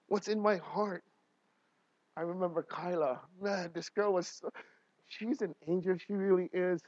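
A man in his thirties, a pastor telling personal stories in a sermon, emotional, swinging from quiet talk to loud laughing bursts. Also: high voice, steady tone, measured pace, no room sound, muffled recording.

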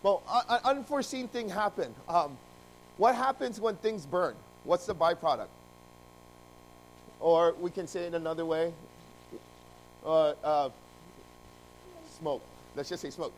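Preaching man, slightly high pitch, energetic storyteller with sudden loud bursts. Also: measured pace, pauses often, slight background noise, poor audio. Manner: animated, jumping between loud emphasis and quiet asides. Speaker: pastor. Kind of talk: sermon with storytelling.

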